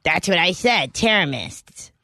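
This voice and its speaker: A pushy male house cat drawls along slowly, as a woman puts him on, his voice pitched lower than hers. The sound is close and dry, with no room around it. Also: animated, pushed and bright, no room sound, heavily acted. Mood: insistent. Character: slow-talking male pet cat, pushy.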